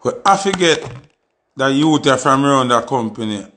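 A man's voice: mid-range voice, animated, normal speed, fairly bright tone, slight background noise. A man with a Jamaican accent delivering an impassioned, pleading monologue with lots of repetition. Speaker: artist giving commentary.

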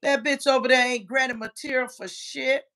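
Brash, profane woman livestreamer, higher voice. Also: steady tone, normal speed. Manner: brash and profane, frequent shouting. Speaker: livestream host reading chat. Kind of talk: casual livestream chat.

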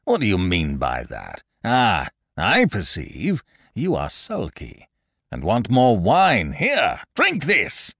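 A man voicing a cruel, blustering king with loud, mocking, drawn-out speech in a dramatic audiobook reading. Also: deep voice, huge pitch swings, no room sound, clean studio sound, exaggerated voice. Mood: furious. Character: cruel, blustering middle-aged male king.

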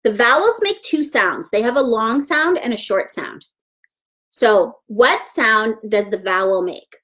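A woman's voice: a little high, expressive, unhurried, a bit bright. A woman teaching a live online letters-and-sounds lesson to young children, encouraging and sing-song as she praises each child by name.

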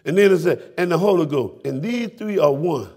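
A man preaching a fiery sermon in a church, shouting and calling out to his congregation. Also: a little high, lively intonation, normal speed. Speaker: pastor. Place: church sanctuary.

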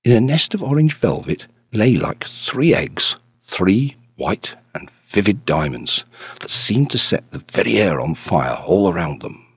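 Husky, expressive male audiobook narrator. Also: fairly low pitch, measured pace, no room sound. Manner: expressive storytelling. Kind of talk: scripted narration.

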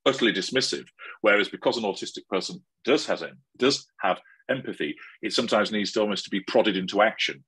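A man speaks as a guest in a conversational interview. His voice sits very low and has a husky edge. He explains his points in a measured, analytical way. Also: a bit bright, no echo, poor audio.

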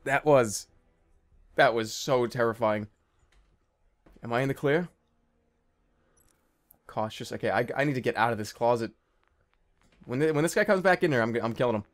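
A young man commentating a stealth game he is playing, jittery and excitable, with nervous laughs and yelps. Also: mid-range voice, moderate pace, pauses often. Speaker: gaming video host. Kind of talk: let's play commentary.

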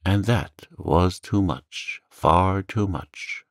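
A man's voice: low-pitched, animated, measured pace, vocal fry, dry recording, clean studio sound, exaggerated voice. A man doing a curt, stern magistrate. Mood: stern, uneasy. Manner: curt, commanding. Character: stern male magistrate, proud and shaken. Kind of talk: calm audiobook reading.

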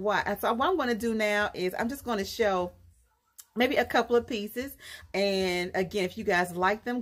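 A woman's voice: mid-range voice, slightly rough. A woman hosting her own live jewelry sales show, sassy and chatty, laughing often and calling her viewers girl and honey. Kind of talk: casual live-stream sales pitch.

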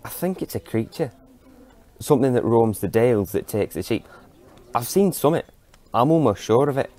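A man's voice: medium pitch, animated, normal speed, warm tone, pitched above the performer's own voice, natural voice. A man voicing a worried middle-aged farmer, who speaks hesitantly and mutters. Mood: uneasy.

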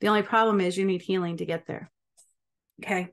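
A woman's voice: fairly low pitch, fairly even intonation, a little fast. Emphatic woman giving a spiritual monologue. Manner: emphatic, with frequent rhetorical check-ins. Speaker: spiritual healer and channel host. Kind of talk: casual spiritual monologue to camera.

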